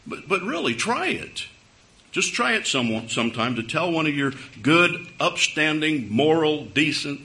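A man's voice: fairly high pitch, very animated, measured pace, bright, forceful tone. Guy preaching, chatty storyteller w/ dry jokes, voice jumps up and down a lot. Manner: conversational storytelling with wry humor; speaks straight to a live congregation. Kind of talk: sermon.

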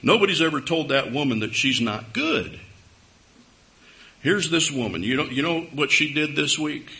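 A man's voice: a little high, expressive, moderate pace, pushed and bright. A man preaching a sermon to a live congregation, telling a story in a conversational way with wry humor. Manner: speaks straight to a live congregation.

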